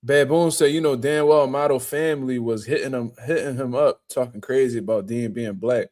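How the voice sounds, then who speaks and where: A man's voice: medium pitch, fairly quick, a little mellow. A man hosting a casual boxing talk stream, reading out chat and riffing in profane street slang with mocking impressions. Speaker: boxing show host.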